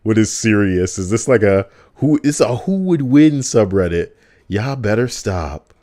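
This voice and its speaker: A man's voice: lowish voice, animated, unhurried, mellow. Profane, teasing young streamer guy. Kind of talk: casual live-stream chat.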